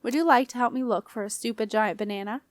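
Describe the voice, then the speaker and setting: A woman voicing a stern, patient older witch aunt who speaks briskly. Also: a little high, no room sound, clean studio sound, close to an everyday voice.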